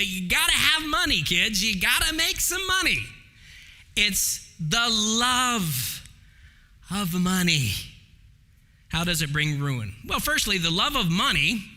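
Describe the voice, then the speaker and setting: A man preaching to his congregation in a church sanctuary, his voice high and bright with a wide, animated swing. He speaks slowly and leans hard on key words, sometimes rising almost to a shout. A long reverb trails each phrase through the hall. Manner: emphatic preaching with dramatic slowdowns and raised voice. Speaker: pastor. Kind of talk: sermon.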